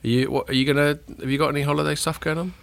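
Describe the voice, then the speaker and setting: A man's voice: on the high side, steady tone, racing, creaky, dry recording. A middle-aged man hosting a podcast in casual, jokey chat. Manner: jokey, laughs often. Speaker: podcast host.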